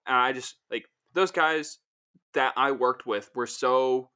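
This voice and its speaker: A young man hosts a laid-back podcast conversation. His voice is bright and pushed forward. He rambles through long stories, tossing in animated asides. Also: mid-range voice, unhurried, smooth. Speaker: podcast host. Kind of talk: casual chat.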